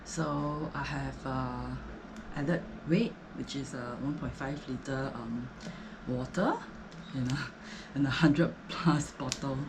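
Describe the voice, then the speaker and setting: A woman's voice: very deep voice, fairly even intonation, takes it slowly, noisy background. A Singaporean woman chatting casually about her home workout, slightly out of breath, with lots of fillers. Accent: Singaporean English. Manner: chatty, filler-heavy, rambling explanations. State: breathless between sets. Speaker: fitness vlogger.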